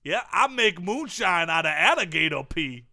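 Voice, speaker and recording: A man's voice: high-pitched, sing-song, moderate pace, bright, forceful tone, heavily acted. A man putting on a drawling Cajun swamp guide. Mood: hammy. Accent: put-on Cajun. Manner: folksy rambling drawl. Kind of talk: comedy sketch impression.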